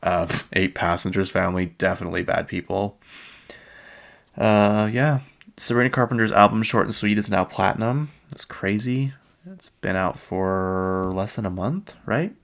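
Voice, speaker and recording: A man with a deep voice chats loosely about pop culture as a podcast host. His talk is rough and gravelly and drifts along, full of ums and trailing asides. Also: moderate pace, fairly bright tone. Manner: rambling, chatty, trails off with ums. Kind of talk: casual pop-culture chat.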